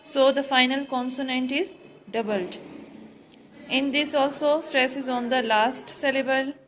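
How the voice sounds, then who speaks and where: A woman teaching a grammar lesson to students, explaining slowly and repeating key words, switching into Hindi now and then. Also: high-pitched, steady tone, fairly bright tone, slight background noise, rough recording.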